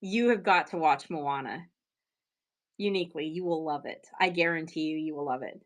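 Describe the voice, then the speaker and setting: A woman hosting a casual live stream to sell her handmade pieces, talking in a chatty, excitable way with plenty of fillers. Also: sits low, moderate pace.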